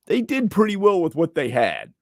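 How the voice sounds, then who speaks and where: A man guest on a casual gaming stream chat, easygoing and animated. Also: high-pitched, moderate pace, dry recording, clean studio sound. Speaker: guest YouTuber.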